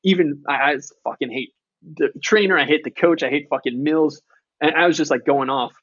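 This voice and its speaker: A man's voice: fairly high pitch, fairly quick, husky, no echo, dull audio. A man in his thirties, an author and podcast guest, telling candid stories in a casual conversation, with frequent profanity and quoted dialogue.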